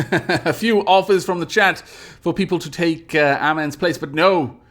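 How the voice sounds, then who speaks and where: A man's voice: a little high, fairly even intonation, unhurried, fairly bright tone. A man streaming a space game live, reading event text aloud theatrically and answering chat in polite, formal phrasing.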